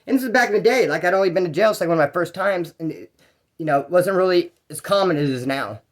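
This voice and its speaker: A man's voice: high-pitched, animated, fast. A man telling his own jail stories in a casual, rambling, slang-heavy way. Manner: rambling and slangy, with fillers and restarts. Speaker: storyteller. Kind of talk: casual first-person jail story.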